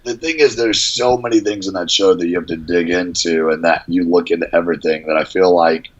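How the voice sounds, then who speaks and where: A man's voice: low-pitched, brisk, lo-fi sound. A man telling a rambling anecdote in casual chat, with lots of fillers and restarts. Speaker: guest. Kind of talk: casual storytelling.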